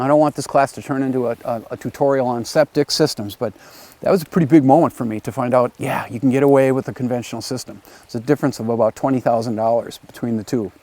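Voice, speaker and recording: Man telling a lively class story. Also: medium pitch, no room sound. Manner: conversational, lively retelling with acted quotes. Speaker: teacher. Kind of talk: storytelling lecture for a video class. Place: his home area in the countryside.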